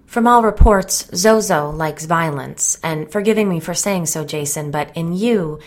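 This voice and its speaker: A woman reading an audiobook, voicing a serious paranormal expert who talks slowly and firmly. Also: on the low side, close to an everyday voice. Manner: serious, measured and firm.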